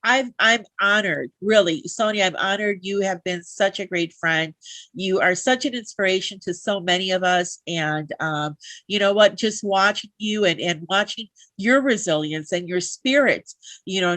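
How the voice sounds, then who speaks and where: A woman's voice: medium pitch, a bit bright, dry recording. Heartfelt woman hosting a live chat. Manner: heartfelt, lots of fillers and restarts. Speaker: talk show host.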